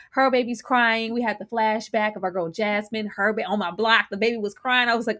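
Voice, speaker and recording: A woman co-hosting a casual live TV recap, animated and laughing often as she acts out her reactions. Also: a little high, fairly quick, few pauses. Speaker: co-host.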